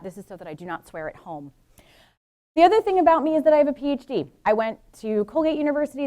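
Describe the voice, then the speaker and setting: Woman, middle-aged, from Brooklyn and New Jersey, professor, public lecture, informal and frank, fairly high voice. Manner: lively, informal and frank, with asides to the audience.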